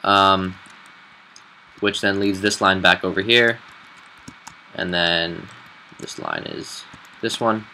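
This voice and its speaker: A man who admins a game server, walking through a build in a casual tutorial, relaxed and halting with fillers. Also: low voice, vocal fry, slight background noise, poor audio.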